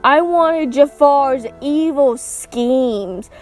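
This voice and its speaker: A woman's voice: sits high, extremely slow, soft background music. A woman vlogger ranting through a casual movie review, sarcastic and swearing, acting out what characters say. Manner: sarcastic, swears, acts out quotes.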